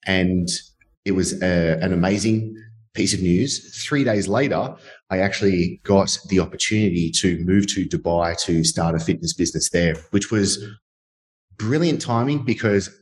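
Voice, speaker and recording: Brief: low-voiced Australian man in his thirties, candid guest, rambling, filler-heavy. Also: moderate pace. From Sydney, Australia. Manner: candid, uses many fillers like "like" and "uh". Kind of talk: storytelling interview.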